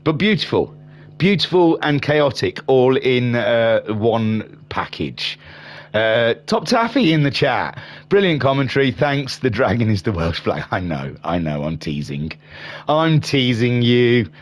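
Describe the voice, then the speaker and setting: Excitable, rambling male race commentator. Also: medium pitch, a little slow. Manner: reads viewer chat aloud. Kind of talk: live sim racing commentary.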